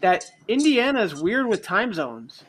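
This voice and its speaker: An easygoing podcast co-host in loose, casual chat. The voice sits at an ordinary pitch and keeps asking relaxed follow-up questions. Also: measured pace, slight background noise.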